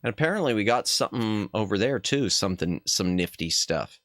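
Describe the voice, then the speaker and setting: A man streaming a game as a VTuber, chatting casually with viewers and reacting loudly to what happens on screen. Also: lowish voice, lively intonation, fairly quick, no echo. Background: game music.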